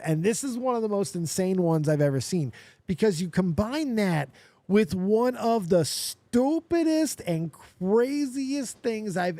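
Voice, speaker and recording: A man hosting a show, reacting excitedly to a video clip, often laughing and repeating himself. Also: on the high side, no room sound. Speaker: podcast host. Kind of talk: casual reaction commentary.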